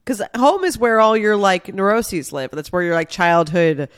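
Lively, reflective podcast co-host. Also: medium pitch, clear, resonant tone, no echo, clean studio sound. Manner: reflective, lively, quick to laugh and tease. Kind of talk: casual podcast chat.

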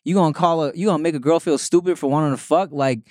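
A man's voice: on the high side, quick pace, darkish tone, dry recording, clean studio sound. A man hosting a podcast in casual chat, laid-back and often saying "you know what I'm saying". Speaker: podcast host.

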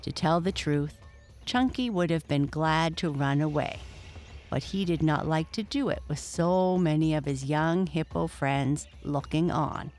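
Slow, measured children's storyteller. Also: medium pitch, a little mellow, faint music behind. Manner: measured, addresses the listener. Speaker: narrator.

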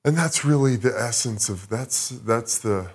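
A man's voice: mid-range voice, a little slow, slightly rough. A man talking as a podcast guest, telling a rambling, profane, reflective story in a casual chat.

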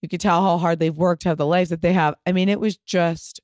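Smooth-voiced woman telling stories animatedly. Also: on the low side, a little fast, no echo, clean studio sound. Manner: animated storyteller, swears casually. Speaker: podcast host. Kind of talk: casual chat.

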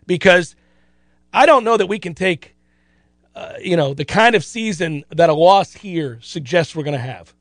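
Animated high-voiced radio host, man. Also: normal speed, no room sound. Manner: animated, self-deprecating storyteller. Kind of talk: casual sports radio chat. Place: radio studio.

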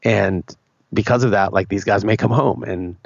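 A man's voice: lowish voice, moderate pace, creaky, no room sound, lo-fi sound. A man co-hosting a podcast, talking bluntly and casually with swearing and frequent restarts. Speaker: podcast co-host. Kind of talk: casual opinionated chat.

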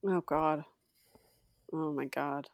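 A middle-aged woman talks as a guest on a podcast in a gravelly voice recorded dry and close. She is blunt and opinionated and pokes fun at herself as she goes. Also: low voice, fairly even intonation, takes it slowly, dry recording. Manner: blunt, opinionated and self-mocking. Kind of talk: casual podcast chat.

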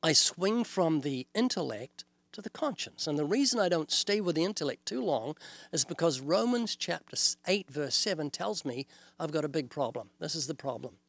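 A man's voice: a little high, lively intonation, moderate pace, gravelly, a bit bright, no echo. An older man with a New Zealand accent, a guest on an interview show, explaining his message earnestly and acting out little dialogues as he goes. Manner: earnest, illustrative, quotes scripture and acts out dialogues. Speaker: evangelist guest. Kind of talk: preaching in an interview.

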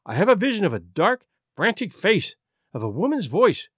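Man voicing a distressed young wife, earnest, halting, lively pitch, dry audiobook sound. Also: slightly rough, no room sound, heavily acted. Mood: anxious. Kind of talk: audiobook reading.

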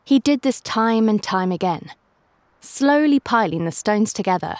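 A woman hosting a children's story podcast, narrating in an animated way with playful asides to young listeners. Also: medium pitch, measured pace, dry recording. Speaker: storyteller and host.

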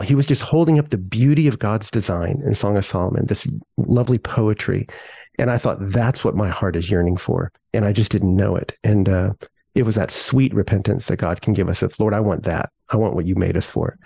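A middle-aged man, a pastor, talking earnestly in a podcast interview and telling stories with animated emphasis. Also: on the low side, fairly quick, gravelly, husky, dry recording.

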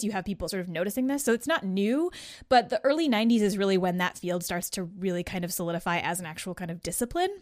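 A woman guest-hosts a podcast, telling a story in casual chat, laughing and acting out the voices of the people in it with lively energy. Her voice is medium-pitched, and the clean studio sound has no echo.

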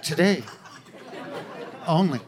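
A man voicing his excited, insistent wife while telling a stand-up story, with the audience laughing behind him. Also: deep voice, takes it slowly, noisy background, voice pushed down. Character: excited shopping-loving wife, woman. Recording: live club, loud crowd laughter.

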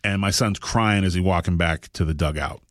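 A man hosting a podcast, telling a long story in casual chat, animated and rambling with frequent restarts. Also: low-pitched, a little fast, no echo, studio quality. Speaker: podcast host.

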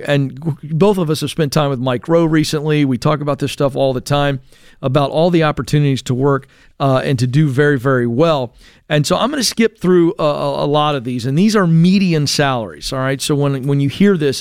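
A man's voice: fairly high pitch, smooth, dry recording, clean studio sound. A man co-hosting a call-in radio show, talking casually with fillers and restarts as he reads from a list. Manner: conversational, frequent fillers and restarts.

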